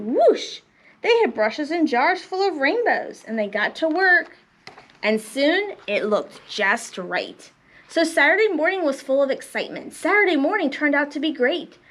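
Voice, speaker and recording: Animated woman librarian reading stories. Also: high-pitched. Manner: animated, expressive storytelling. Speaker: children's librarian. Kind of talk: reading picture books aloud to preschoolers.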